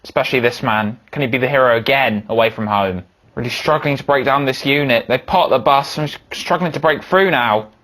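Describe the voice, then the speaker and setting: Young man, gaming host, self-commentates football matches, dropping to mutters and leaping up to shouts. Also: brisk. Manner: swings from low muttering to high shouting. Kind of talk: excitable football game commentary.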